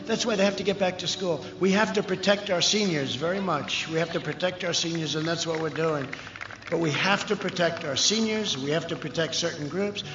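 A man giving a rambling, off-the-cuff rally speech, repeating himself, with mocking asides and shouted lines. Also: a little high. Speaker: political candidate speaking at a rally. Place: large rally venue. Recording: echoey, lo-fi rally sound with long reverb.

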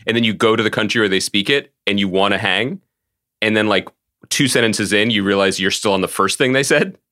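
A man's voice: on the low side, a little fast, pushed and bright. A man co-hosting a podcast, chatting casually with lots of laughter and teasing. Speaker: podcast co-host. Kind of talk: casual chat.

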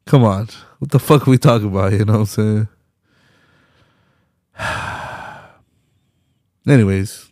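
A man's voice: lowish voice, a little slow, long pauses, a little mellow, dry recording, studio quality. A young man hosting his own podcast, ranting casually with lots of slang, profanity and laughter. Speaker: podcast host. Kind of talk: casual solo podcast rant.

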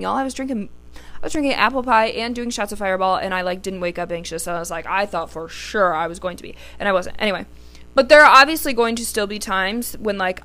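A young woman from the American South hosts her own podcast, talking straight to her listeners. Her voice is bright and sharp. She speaks with casual candor, swears without a second thought, and strings her thoughts together with plenty of "like". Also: mid-range voice. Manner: candid, swears freely, lots of "like". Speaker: podcast host.

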